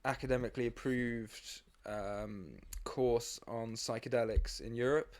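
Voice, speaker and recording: A man's voice: mid-range voice, fairly even intonation, measured pace. A young man, a psychiatric doctor guesting on a podcast, talks casually and earnestly, explaining topics at length with many fillers and restarts. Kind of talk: casual chat.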